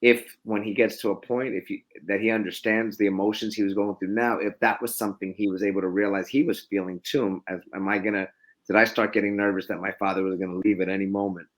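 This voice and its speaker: Lower-voiced man telling stories reflectively. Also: little pitch movement, fast talker. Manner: reflective, storytelling with many restarts. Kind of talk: casual podcast conversation.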